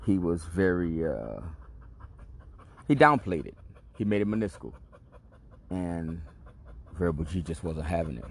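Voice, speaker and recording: Deep-voiced man telling a street story. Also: very animated, a little slow, gravelly, long pauses, husky. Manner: laid-back, streetwise, profane storytelling. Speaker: podcast host. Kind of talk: casual storytelling monologue.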